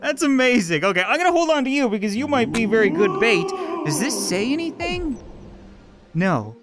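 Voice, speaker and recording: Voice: mid-range voice, big pitch swings, moderate pace, over loud music. A video game host giving casual, joking let's-play commentary while playing, chatting directly to viewers.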